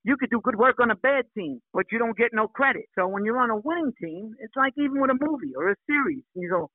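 A man, an actor guest, telling stories in a casual radio interview, animated and acting out the people he quotes. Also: high-pitched, fast, few pauses, no echo. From New York. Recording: phone-line radio sound.

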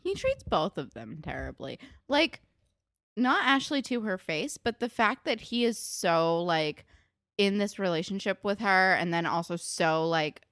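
A young woman with a fairly low voice rants about a TV show in exasperated, sarcastic chat and swears freely. She is recorded dry and close, with no reverb. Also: sing-song, measured pace, fairly bright tone. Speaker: podcast co-host. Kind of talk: casual chat recapping a TV episode.

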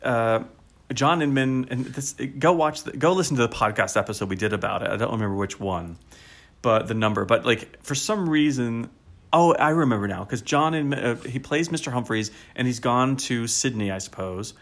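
A man co-hosting a podcast in casual chat, animated and enthusiastic, laughing often and using a lot of fillers. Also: medium pitch, normal speed. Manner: frequent fillers such as "like". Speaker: podcast co-host.

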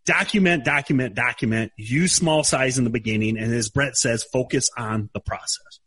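Husky middle-aged podcast host. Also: male voice, medium pitch, moderate pace, fairly bright tone. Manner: rambling, repeats words while thinking. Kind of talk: casual chat.

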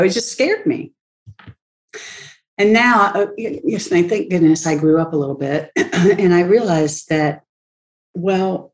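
A woman's voice: medium pitch, darkish tone. A woman speaking as a leadership expert in an interview, talking animatedly, acting out quoted voices and laughing often. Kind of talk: conversational interview talk.

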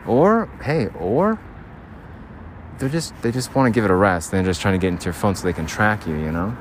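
Blunt, ranting low-voiced man outdoors. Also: animated, fairly quick, slight background noise. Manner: blunt, ranting, swears casually, talks to himself. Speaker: podcast host. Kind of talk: rambling solo podcast monologue.

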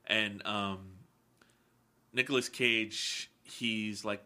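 A young man with a very bright, sharp-edged voice, hosting a relaxed podcast chat. His talk is rambling and loose, full of swearing, and he laughs easily. His pitch sits a little low. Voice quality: rambling, profane, quick to laugh. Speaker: podcast host. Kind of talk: casual chat.

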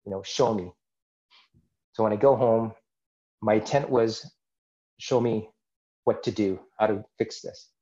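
Low-voiced man telling a personal story. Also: measured pace, pauses often, dark tone, muffled recording. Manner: earnest, acts out his own inner dialogue. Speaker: podcast guest.

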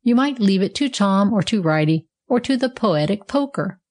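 A pompous streetcar conductor who demands and sneers, as a woman reading a storybook puts him on. The voice rises and falls in lively swings. He talks like an official who is sure of his rules. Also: medium pitch, moderate pace, close to an everyday voice. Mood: bossy.

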